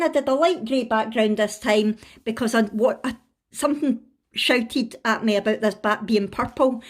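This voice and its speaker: A woman with a Scottish accent, hosting a casual show-and-tell vlog, chatty and giggly as she talks through her choices. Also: a little high. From Scotland. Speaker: craft channel host.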